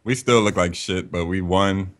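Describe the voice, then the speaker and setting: A man's voice: deep voice, normal speed. A man co-hosting a casual podcast, bantering loosely and swearing freely. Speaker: podcast co-host.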